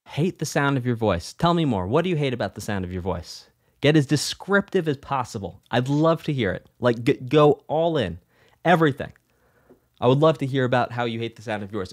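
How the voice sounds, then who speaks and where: A man teaching music in a live question-and-answer lesson, talking energetically, repeating himself and telling stories. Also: medium pitch. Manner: energetic, repeats phrases, animated storytelling.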